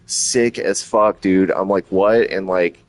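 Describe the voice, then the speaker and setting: A low-pitched man chats casually on a stream. He rambles and swears freely, his talk running hot with excitement. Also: slow, no room sound. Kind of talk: casual chat.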